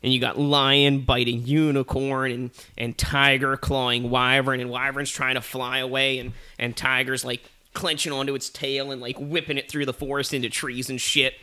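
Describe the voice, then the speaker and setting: Bright-voiced rambling male podcast host. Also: medium pitch, little pitch movement, moderate pace, hardly any pauses, smooth. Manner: rambling, profane, many fillers. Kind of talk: comedic storytelling.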